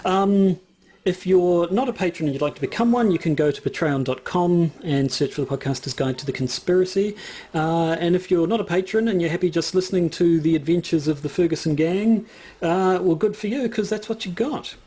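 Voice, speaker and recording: He has a high-pitched, warm voice with a breathy edge and talks a little fast. Co-hosting a podcast, he chats casually but rambles and hesitates, full of fillers and false starts.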